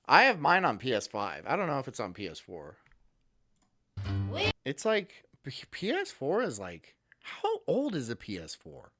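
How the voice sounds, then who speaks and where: A man's voice: mid-range voice, wildly swooping pitch, unhurried, a bit bright, faint music behind. Laid-back teasing male streamer. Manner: laid-back, teasing, reads out chat messages. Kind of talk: casual live-stream chat.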